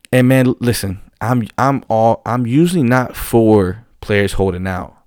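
A man talking in a casual monologue as a football fan commentator, animated and profane, rambling with frequent restarts. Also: mid-range voice, measured pace, hardly any pauses, dry recording, studio quality.

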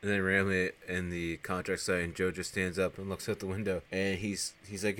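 A man with a low, deep voice casually recaps a movie scene by scene on a podcast. He keeps breaking into loud, higher-pitched voices for the characters, then drops back to his easy narrating tone. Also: flat delivery, normal speed, hardly any pauses. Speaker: podcast host.

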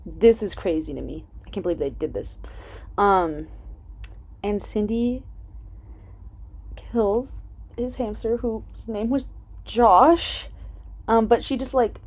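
A woman's voice: mid-range voice, slow, pauses often, a little mellow, slightly rough. A woman casually recapping a TV episode, chatty with lots of "um" and "like" and some swearing. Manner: chatty, full of "um" and "like", swears freely. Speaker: TV episode reviewer.

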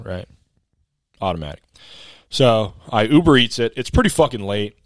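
A man's voice: medium pitch, lively intonation, moderate pace, dry recording. A young man and podcast co-host telling a story in casual chat, laid-back, profane and rambling.

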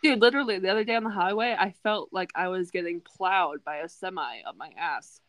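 A woman's voice: fairly low pitch, fairly quick, a bit bright, dry recording. Frank young woman, dry close sound. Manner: frank, swears casually. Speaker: podcast co-host. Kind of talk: casual chat.

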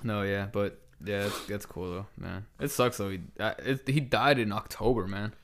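A man's voice: on the low side, normal speed, slight background noise. Laid-back young man, casual podcast chat. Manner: laid-back, swears a lot, laughs often. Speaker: podcast co-host.

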